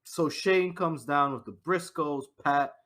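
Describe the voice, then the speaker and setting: A man's voice: fairly high pitch, a little slow, fairly bright tone. A man co-hosting a podcast, chatting casually and jokingly about a wrestling show, swearing freely. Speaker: podcast co-host.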